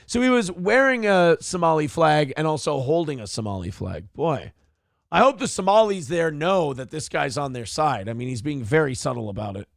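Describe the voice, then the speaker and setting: A man's voice: a little high, big pitch swings, moderate pace, creaky, no room sound, studio quality. A man from Minnesota hosting a casual commentary show, ranting sarcastically and swearing freely. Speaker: host.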